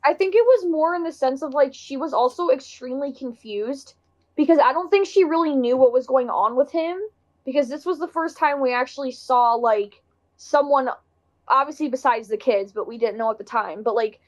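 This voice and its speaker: A woman's voice: high voice, moderate pace. A woman co-hosting a casual movie discussion, animatedly retelling scenes. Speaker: podcast co-host.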